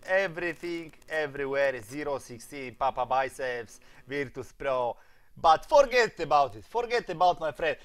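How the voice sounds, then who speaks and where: A young Polish-accented streamer chats casually in broken English, constantly tagging his lines with "my friend" and swinging between mumbled asides and loud outbursts. His voice is a little high and animated at a moderate pace, with no room sound.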